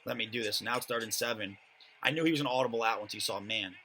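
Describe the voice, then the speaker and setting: A man's voice: lowish voice, fast talker, pushed and bright, slight background noise, rough recording. A young man giving a casual, rambling voice-over commentary on his own match, with many fillers.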